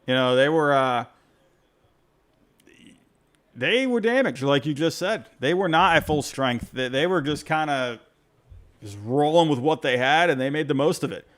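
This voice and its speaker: Animated man hosting a sports call-in show. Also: on the high side, moderate pace. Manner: rambling, self-interrupting, animated. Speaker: podcast host taking fan calls. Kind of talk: casual postgame sports reaction.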